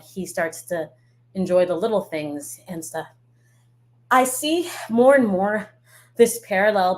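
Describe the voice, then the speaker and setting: A woman giving a casual reaction commentary as a YouTuber, chatty and blunt, swearing freely and laughing often. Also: mid-range voice. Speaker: YouTuber reacting to a show trailer.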